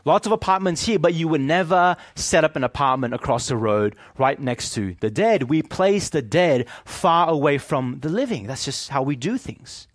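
A man preaching a sermon as pastor, animated and often asking his listeners questions. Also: fairly high pitch, moderate pace, few pauses, no echo, clean studio sound.

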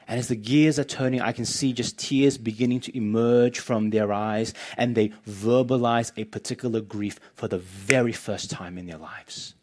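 A man's voice: mid-range voice, normal speed, a little mellow. A man delivering a sermon as a pastor, speaking earnestly and with pastoral care to his congregation. His voice sits in an ordinary middle range. He sometimes repeats a word as he begins a thought.

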